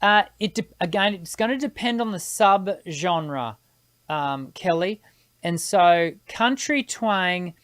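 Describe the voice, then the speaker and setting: A woman's voice: mid-range voice, expressive, takes it slowly, dry recording. A woman hosting a live singing Q&A, thinking aloud as she explains vocal technique with technical terms. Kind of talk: live-stream Q&A, answering viewer questions.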